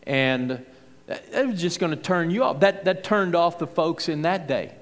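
Delivered at a moderate pace in a fairly high male voice, this is an expository sermon taken verse by verse. The preacher keeps it homespun and chatty, voicing the crowd as well as Jesus, and a long hall reverb fills the recording.

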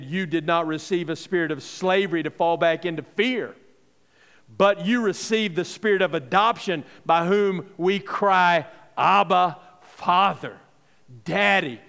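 A male pastor delivers a sermon in an easy, conversational manner and keeps checking in with his listeners through rhetorical questions. His voice sits high for a man. The sound rings with the long reverb of a large hall. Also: a bit bright, smooth.

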